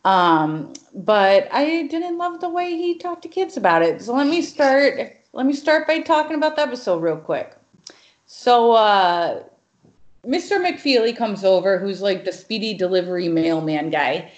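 A woman co-hosting a podcast, chatting casually and retelling an episode in an animated, opinionated way. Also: medium pitch, unhurried, dull audio. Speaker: podcast co-host. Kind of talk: casual chat.

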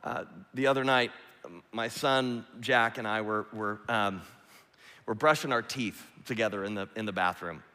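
Pastor, man, middle-aged; earnest repeated-emphasis sermon, tense bright tone, long hall echo. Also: lowish voice, normal speed.

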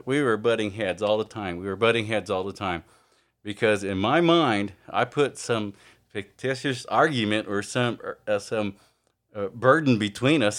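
A man giving an informal, earnest sermon, halting often with fillers and restarts. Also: medium pitch, fairly bright tone. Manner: earnest, confessional. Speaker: preacher.

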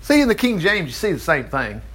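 A man preaching a sermon, reading scripture and commenting with animated exclamations. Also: fairly high pitch, brisk. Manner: animated, exclaiming and chuckling between verses. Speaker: preacher teaching from the Bible.

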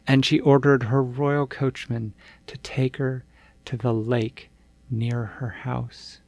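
Gravelly guy reading bedtime stories, slow n gentle, super dry sound. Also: medium pitch, little pitch movement, no room sound. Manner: gentle, unhurried storytelling. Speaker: storyteller.

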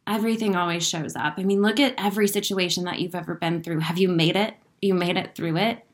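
Speaking quickly in a fairly low voice with fairly even intonation, a woman delivers a spiritual, motivational talk to her viewers. She's emotional and earnestly convinced, swearing freely and laughing through her emotion as an inspirational speaker.

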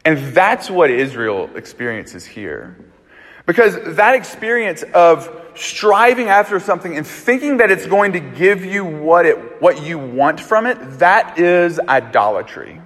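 At a measured pace, a pastor shares his sermon as an animated, loose story, as if chatting with friends. For a man, his voice sits fairly high, and it rings with the long echo of a large hall.

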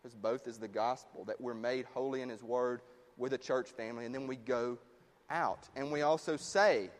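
A man preaching a sermon in a conversational way, dropping low and quiet on his key points. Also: steady tone, normal speed, in a large hall. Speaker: pastor.

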